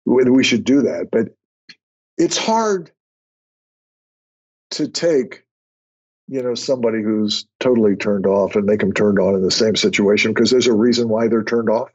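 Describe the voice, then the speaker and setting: An older man, a podcast guest, chatting casually and telling stories with lively quoted dialogue. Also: fairly low pitch, moderate pace, pauses often, husky. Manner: storytelling, animated when quoting others. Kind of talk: conversational interview. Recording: muffled lo-fi remote audio.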